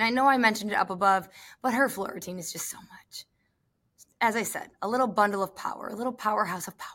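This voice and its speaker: A woman co-hosting a podcast, chatting casually in an animated, gushing, jokey way. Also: mid-range voice. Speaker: podcast co-host. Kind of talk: casual chat about gymnastics.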